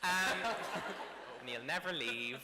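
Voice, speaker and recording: A man's voice: medium pitch, takes it slowly. A man from Ireland making teasing jokes on a live convention panel. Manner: teasing, joking. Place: large convention hall. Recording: echoey hall with loud crowd noise.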